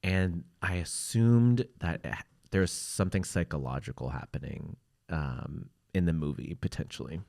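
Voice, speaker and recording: A man's voice: sits low, moderate pace, vocal fry, a little mellow. A man as a guest on a comedy podcast, talking in a hesitant, rambling way with many fillers. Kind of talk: casual comedic chat.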